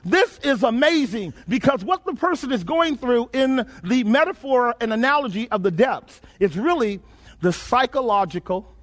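High-voiced preacher, emphatic call-and-response. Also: male voice. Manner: rhythmic repetition of phrases. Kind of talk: sermon.

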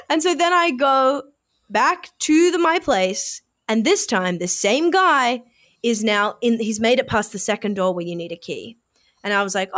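A young woman, co-hosting a casual podcast chat and telling a long story in an animated way, full of "like". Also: fairly high pitch, measured pace. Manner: animated, says "like" a lot, drops to a hushed voice for quotes. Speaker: podcast co-host.

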